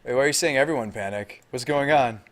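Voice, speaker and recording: A man talking through a live card game stream, with deadpan delivery and little rise or fall in his voice. His pitch sits in an ordinary middle range as he thinks aloud and answers his viewers. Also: fast talker.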